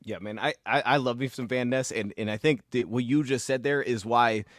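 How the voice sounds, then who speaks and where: A man's voice: mid-range voice, brisk, dry recording, studio quality. A man co-hosting a casual sports podcast, asking questions in a chatty way. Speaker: podcast co-host, Lions fan.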